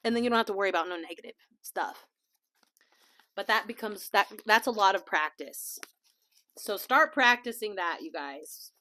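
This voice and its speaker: Woman podcast host just chatting, laughs a lot, goes quiet for little asides, dry close mic. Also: mid-range voice, lively intonation, normal speed, dry recording. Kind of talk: casual chat. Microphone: small desk mic.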